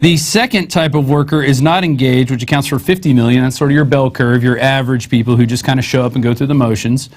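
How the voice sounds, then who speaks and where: A man's voice: mid-range voice, fairly even intonation, quick pace, few pauses. A man hosting a news show, reading articles aloud and adding sarcastic, conversational asides.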